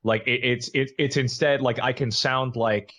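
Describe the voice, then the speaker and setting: A man's voice: medium pitch, fairly even intonation, normal speed, a bit bright. A man guesting on a podcast as a voice actor, easygoing and self-deprecating, laughing along. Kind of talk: casual podcast chat.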